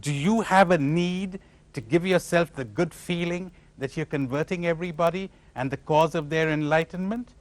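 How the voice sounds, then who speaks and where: A man giving a spiritual lecture to a live audience, animated and questioning his listeners, acting out imagined replies. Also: on the high side, moderate pace. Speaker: spiritual teacher.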